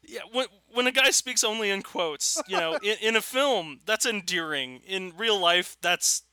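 Quick, very bright-voiced man chatting. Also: high voice, clear, resonant tone, no room sound. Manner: quick, joking. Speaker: podcast co-host. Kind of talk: casual chat.

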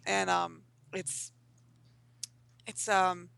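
A woman with a gravelly, fry-heavy voice and a bright edge talks about comic shows. She rambles, restarts, and mocks herself in loose panel chat. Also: fairly low pitch, flat delivery, very slow, no echo, poor audio. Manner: rambling, self-mocking, swears casually. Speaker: comic artist.

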